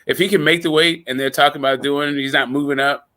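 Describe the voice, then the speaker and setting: Bright, forceful man chatting casually. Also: on the high side, fairly even intonation, fast. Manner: hesitant, filler-heavy, laughs easily. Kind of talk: casual podcast chat.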